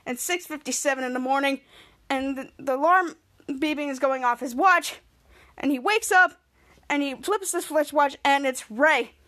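High-voiced woman rambling through a recap. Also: normal speed, fairly bright tone. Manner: rambling, run-on narration with many restarts and giggles. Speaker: podcast host. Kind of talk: casual episode recap.

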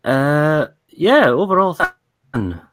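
A man's voice: fairly high pitch, extremely slow, background noise. A man with a Scottish accent, a guest calling in by video, talking in an easygoing, slightly tired way. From Scotland. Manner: relaxed and easygoing, a little tired. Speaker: call-in guest. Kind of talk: casual chat over video call. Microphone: video call.

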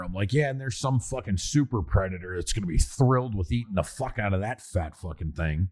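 A man's voice: on the low side, brisk, hardly any pauses, a little mellow. A man co-hosting a casual comedy podcast, wry and laid-back, swearing casually. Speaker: podcast co-host.

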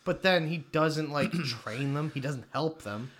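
A man's voice: on the high side, a little slow, fairly bright tone. A man chatting casually about a film with a friend, laughing often and swearing as he mocks it. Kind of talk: casual movie commentary chat.

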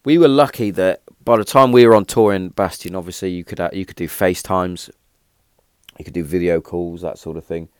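A man in his thirties casually telling rambling stories, lively at the punchlines, with many restarts. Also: low-pitched, a little fast, smooth, no echo, studio quality. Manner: rambling, animated when telling a punchline, frequent restarts and fillers. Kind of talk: casual storytelling.

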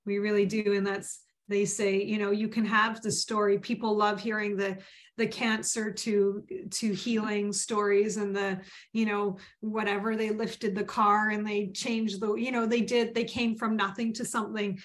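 A woman's voice: medium pitch, little pitch movement, normal speed. A woman co-hosting a casual spiritual chat, talking in an upbeat, chatty way with lots of filler words.

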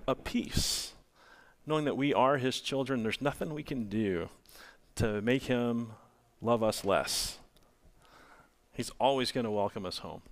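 A male pastor preaching a sermon, asking the congregation rhetorical questions. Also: medium pitch.

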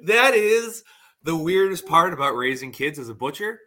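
A man's voice: on the high side, normal speed. A man in his thirties from western New York, a farmer and butcher chatting as a podcast guest and acting out dialogue as he tells stories. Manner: animated storyteller acting out dialogue. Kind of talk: casual podcast chat.

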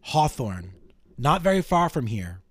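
A man's voice: medium pitch, very animated, unhurried, breathy edge. A man reading out a starving young woman ghost. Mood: flat. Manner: short clipped pleading answers.

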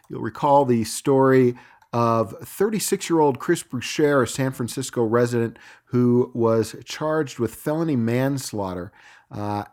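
A middle-aged man hosting a cycling podcast from his home studio, reading news items in a relaxed way with frequent filler words. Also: medium pitch. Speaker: podcast host. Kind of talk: solo podcast news segment.

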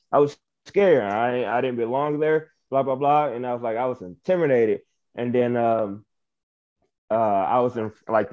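A young man from Michigan, a wrestler being interviewed, telling his story casually, acting out what people said and laughing often. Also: mid-range voice. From Michigan, USA. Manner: animated, acts out quoted exchanges, laughs often. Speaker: professional wrestler, guest. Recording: muffled lo-fi audio.

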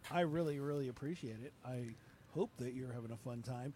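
A man's voice: mid-range voice, a little fast, mellow, a little hiss or hum. A man hosting a podcast in goofy, self-mocking, scattered chat over a mobile phone line. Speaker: podcast host.

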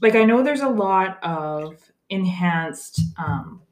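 A woman's voice: fairly low pitch, animated, takes it slowly, reverberant. A young woman co-hosting a casual chat, talking with lots of fillers and drifting off topic. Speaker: podcast co-host.

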